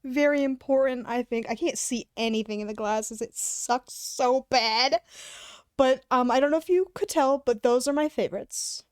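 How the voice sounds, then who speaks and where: Wearing headphones under a hat, a woman livestreamer giggles and chats loosely while demonstrating sound effects and her voice changer. She has a high, clean voice at a moderate pace, captured dry with clean studio sound.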